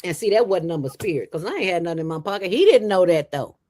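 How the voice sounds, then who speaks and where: A woman who founded a nonprofit, telling stories in an interview with an emphatic, streetwise, animated manner. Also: lowish voice, fast.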